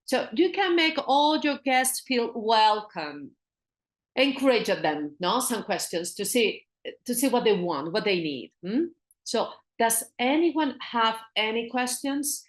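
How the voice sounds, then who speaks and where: In a very animated, medium-pitched voice, a woman with a Spanish accent leads an online business English lesson. She repeats phrases slowly and shifts into Spanish for explanations.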